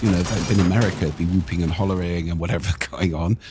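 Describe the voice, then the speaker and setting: An older man with a husky voice, explaining speaking technique in a lively, expressive conversational way. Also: deep voice, rapid-fire, background noise. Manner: animated, expressive intonation. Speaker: voice coach guest.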